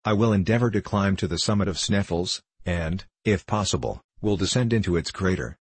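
A man reading the part of an eager, scheming elderly male professor who hides his excitement behind polite words, in a storybook reading. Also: low voice, fairly quick, breathy edge, no echo. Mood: feigned calm. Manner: excited, hiding his delight.

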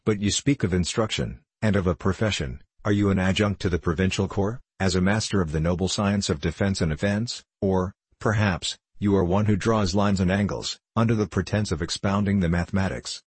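A man's voice: deep voice, a little fast, hardly any pauses, slightly rough, no room sound. A man voicing a haughty young male army officer who speaks curtly and formally.

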